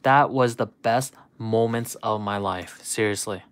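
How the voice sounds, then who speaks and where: A man's voice: lowish voice, measured pace, clean tone, no room sound. Man rambling in nostalgic livestream chat. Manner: nostalgic, rambling, says dude a lot. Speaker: livestream host. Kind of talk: casual chat with live viewers.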